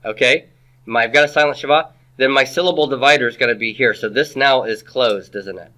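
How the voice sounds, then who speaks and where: A man's voice: mid-range voice, fairly quick, sharp tone. A man teaching a classroom grammar lecture, quizzing his students with rhetorical questions and dropping playful asides.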